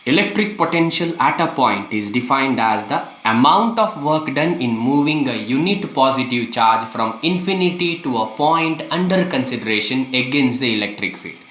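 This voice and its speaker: A man's voice: medium pitch, big pitch swings, normal speed, a bit bright, roomy sound, a little hiss or hum. A man teaching a physics lesson, repeating key phrases with emphasis and asking rhetorical questions. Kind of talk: classroom lecture.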